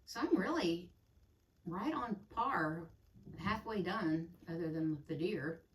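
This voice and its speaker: A middle-aged woman talks through her cross stitch projects in a loose, rambling way and keeps correcting herself as she goes. She sits a little back from the mic, and her voice carries a clear echo from the room. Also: on the low side, expressive, slow pace. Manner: chatty, rambling, self-correcting. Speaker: cross stitch channel host. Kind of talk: casual crafting vlog chat. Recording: echoey room, voice a bit far from mic.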